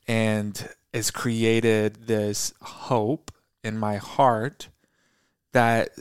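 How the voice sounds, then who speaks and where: A man's voice: lowish voice, level tone, drawn-out words, clean tone, no room sound, studio quality. A man co-hosting a podcast, talking in an earnest, searching way with frequent fillers and restarts. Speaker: podcast co-host. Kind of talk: reflective casual conversation.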